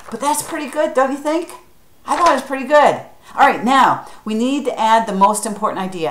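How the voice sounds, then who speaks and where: A church's children's craft leader, a woman with a fairly high, lively voice, talks briskly in an echoey room. Patient and encouraging, she spells words out letter by letter and asks viewers to follow along.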